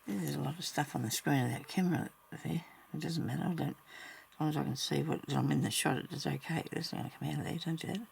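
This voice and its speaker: A woman talks her way through a slow stitching session, half to herself and half to the camera. Her voice has a heavily gravelly, fried edge, with a faint hiss of background noise behind her. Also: low-pitched, darkish tone. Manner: chatty and muttering to herself while stitching. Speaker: crafter narrating her embroidery work. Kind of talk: casual talk-along crafting vlog.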